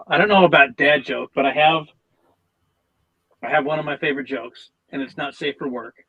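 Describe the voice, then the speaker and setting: Male podcast guest, a bit high-voiced, easygoing and rambling. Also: normal speed, highs cut off. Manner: relaxed storyteller, stumbles and restarts telling jokes. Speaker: guest artist. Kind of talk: casual podcast interview.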